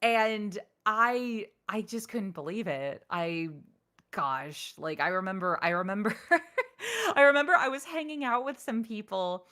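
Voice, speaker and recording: A woman's voice: mid-range voice, expressive, measured pace, pushed and bright. A woman voice actress telling stories as an interview guest, acting out her own past reactions with animation. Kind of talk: casual interview storytelling.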